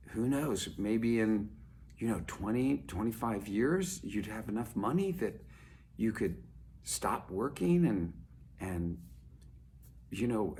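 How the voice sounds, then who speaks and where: A man's voice: on the low side, a little mellow, a little hiss or hum, natural voice. A man playing an eager, persuasive middle-aged businessman in a told story, earnest and building his ideas up one after another.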